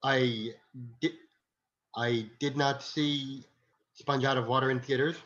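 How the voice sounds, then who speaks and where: A man as a podcast guest, making short halting remarks. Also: mid-range voice, steady tone, fairly bright tone, muffled recording. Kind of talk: casual podcast chat.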